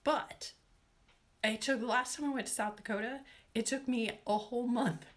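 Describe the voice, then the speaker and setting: A woman from Washington state runs a relaxed nail-care livestream, her voice on the high side with a steady tone at normal speed. She rambles chattily, says "y'all" a lot, and reads out viewers' names and questions.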